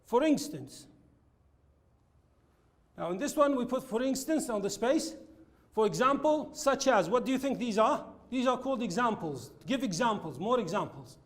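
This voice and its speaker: A man teaching an English lesson, explaining linking words slowly and repeating his examples. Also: extremely high pitch, expressive. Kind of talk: classroom lesson with slides.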